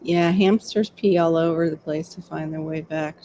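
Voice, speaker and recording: A woman's voice: sits low, fairly even intonation, normal speed, mellow, a little hiss or hum. A woman chatting playfully with friends on an online panel. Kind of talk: casual chat.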